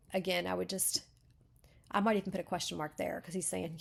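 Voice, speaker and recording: A woman's voice: lowish voice, level tone, fast talker, gravelly. A woman hosting a casual writing critique, chatty and full of fillers and self-corrections. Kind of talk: casual teaching.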